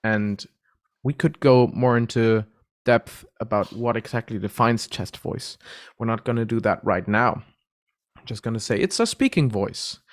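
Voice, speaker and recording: A man teaching a relaxed vocal lesson, explaining voice registers and demonstrating the sounds himself. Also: mid-range voice, normal speed. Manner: relaxed, explains terms patiently, breaks into vocal demos. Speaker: vocal coach.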